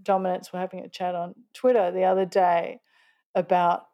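A woman's voice: fairly low pitch, little pitch movement, moderate pace, lo-fi sound. An Australian woman chatting casually as a podcast guest, blunt, laughing often and swearing freely. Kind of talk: casual chat.

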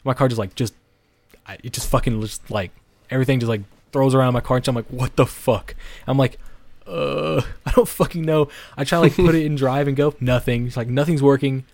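Young male podcast co-host, mid-pitch voice, swears a lot, rambling, dry close sound. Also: steady tone, quick pace, a little mellow, no echo. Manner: rambling, heavy swearing, many restarts and "like" fillers. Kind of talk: casual storytelling.

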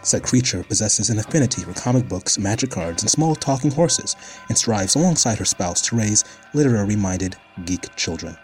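A man as podcast announcer reading a narrator's bio in an even, measured way. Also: fairly low pitch. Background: faint music.

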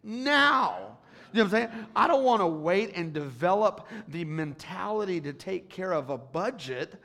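This male preacher addresses the congregation with a very animated, high voice, alternating quiet asides with swelling, loud appeals. He speaks a little slowly, and there's a creaky quality to his delivery.

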